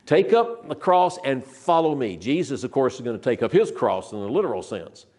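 An older man preaching a sermon, earnest and emphatic, who slows down to stress scripture and often repeats and restarts his phrases. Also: medium pitch, big pitch swings, a little mellow.

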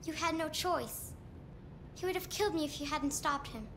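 A woman's voice: high voice, normal speed, a bit bright, a little hiss or hum. An actress voicing a frightened, timid young girl in a video game.

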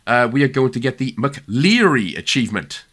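A man's voice: medium pitch, sing-song, moderate pace, a bit bright. A young man with a Welsh accent giving chatty, jokey game walkthrough commentary with lots of fillers. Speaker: gaming YouTuber.

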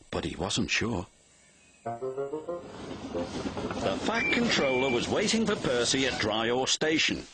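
A man narrating a children's storybook in an expressive read-aloud style. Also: mid-range voice, measured pace, over music. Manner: expressive, animated.

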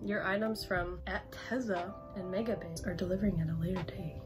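A woman's voice: fairly low pitch, steady tone, a little fast, music in the background. A 21-year-old woman chatting in an unboxing vlog, gushing and rambling with constant "like" and "literally.". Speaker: campus brand rep.

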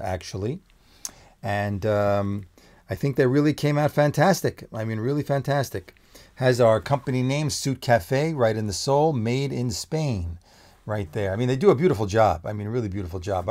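Man, middle-aged, enthusiastic, exclaiming, rambling, unboxing vlog, mid-pitched voice. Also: animated, moderate pace, a little mellow. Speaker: menswear shop owner presenting products.

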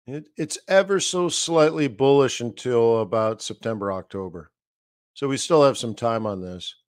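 On a live trading stream, a host and analyst with a medium-pitched voice talks casually through market charts. Rambling, he mutters his thoughts to himself as he reads them, captured in studio quality without room sound.

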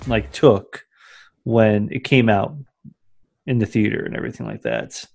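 A man's voice: lowish voice, very animated, unhurried, vocal fry, a little mellow, soft background music. A man co-hosting a podcast, chatting casually and asking his co-host questions about a movie. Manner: joking, asks lots of questions. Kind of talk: casual movie commentary chat.

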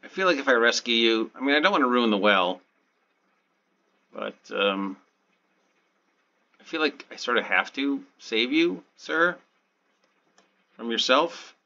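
A man hosting his own gaming channel, talking through his play in a deadpan, sarcastic, self-mocking way. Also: mid-range voice, unhurried, creaky, pauses often, dull audio. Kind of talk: sarcastic let's play commentary.

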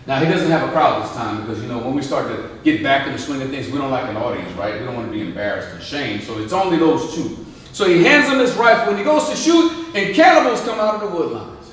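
A veteran man giving a lively motivational speech, joking and asking the crowd questions. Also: fairly high pitch, brisk. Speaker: guest speaker, veteran. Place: large indoor hall. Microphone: distant microphone. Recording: echoey hall, distant mic.

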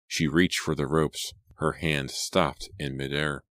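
A man narrating a horror audiobook in a measured, suspenseful read on a close mic. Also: extremely low pitch, flat delivery, fairly bright tone, no echo.

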